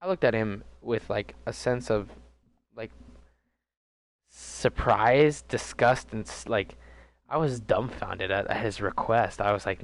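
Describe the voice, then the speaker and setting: A man's voice: lowish voice, normal speed, clear, resonant tone. A young man in a casual storytime vlog, rambling and profane, with many fillers and restarts. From DC, Maryland and Virginia area. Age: young adult. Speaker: gaming vlogger.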